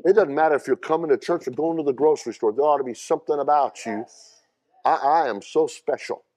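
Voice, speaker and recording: A man, preaching a sermon as a pastor. He swings from loud high bursts to quieter asides, repeats words and calls out questions to the congregation. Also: very fast.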